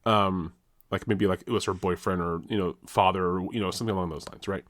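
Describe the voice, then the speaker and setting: A man's voice: low-pitched, fairly even intonation, fast, a bit bright, no echo, clean studio sound. A man co-hosting a podcast in casual chat, laughing often and restarting his sentences. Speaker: podcast co-host.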